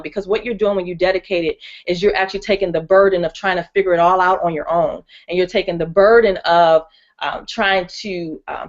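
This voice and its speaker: A woman teaching about faith and money in an earnest, encouraging way, often restarting her sentences with fillers. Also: on the low side. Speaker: ministry co-host. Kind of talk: faith-based finance teaching. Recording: muffled lo-fi audio.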